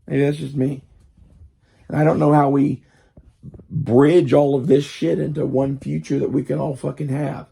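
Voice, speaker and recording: Gravelly, husky man ranting casually. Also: fairly high pitch, little pitch movement, moderate pace, dark tone. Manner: profane, meandering, full of fillers. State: strained, hard to talk. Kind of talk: casual rambling monologue.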